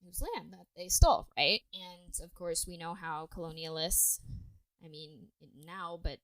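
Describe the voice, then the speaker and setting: A woman's voice: on the low side, unhurried, fairly bright tone, dry recording, rough recording. A young adult woman co-hosting a casual podcast, telling a history story with plenty of swearing and tangents. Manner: swears freely, chatty and tangent-prone.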